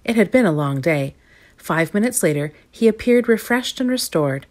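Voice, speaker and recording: Low-voiced woman reading a storybook. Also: normal speed. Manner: lively, expressive reading. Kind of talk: storybook read-aloud.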